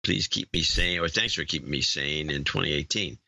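A man's voice: extremely low pitch, a little fast, vocal fry, sharp tone, dry recording. A man co-hosting a podcast, chatting casually and reading out donor names and notes in a matter-of-fact way. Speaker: podcast co-host.

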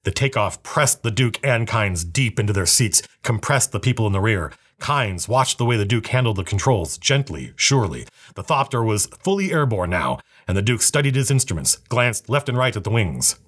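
Husky low-voiced man reading aloud. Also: normal speed. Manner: steady, even storytelling. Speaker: narrator reading a novel.

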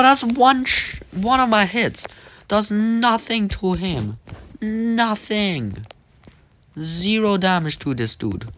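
A man's voice: high voice, slight background noise. A young man giving casual, jokey commentary while he plays a game, talking to himself as he goes. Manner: animated, jokey, talks to himself while playing. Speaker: gaming commentator.

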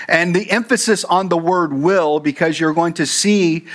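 A man's voice: a little high, moderate pace, few pauses, fairly bright tone. A man preaching a sermon as pastor, talking conversationally with rambling fillers and asides. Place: church.

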